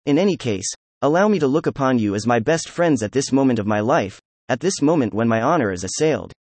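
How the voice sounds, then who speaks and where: A man's voice: mid-range voice, lively intonation, fast, a little mellow, no echo, lightly acted. A man reading an effusive, defiant young nobleman. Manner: effusive, emphatic, laughing. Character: excitable proud young nobleman under questioning.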